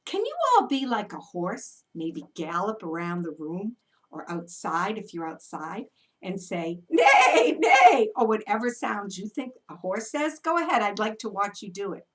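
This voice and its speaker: A woman who is an early childhood educator, leading a children's story time with movement in an animated, encouraging way for toddlers. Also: medium pitch, normal speed, distant mic.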